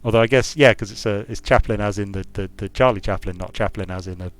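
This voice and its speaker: This man, a game designer from the UK, speaks fast in a lowish voice with a British accent. He streams a strategy game and drifts through casual, rambling thoughts as he plays, with no echo in the sound.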